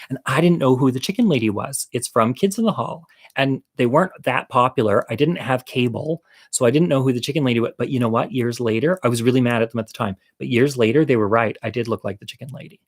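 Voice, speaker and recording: A man's voice: medium pitch, fast talker, hardly any pauses. A man telling a comic personal story in a casual monologue, campy and candid, with chatty, self-deprecating asides to the viewer.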